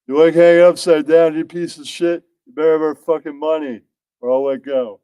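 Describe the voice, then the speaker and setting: A man's voice: on the high side, brisk, mellow, clear, resonant tone, no echo, lightly acted, poor audio. A man voicing a crude male mob enforcer who bullies and insults a debtor. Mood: threatening. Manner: profane, bullying, insulting.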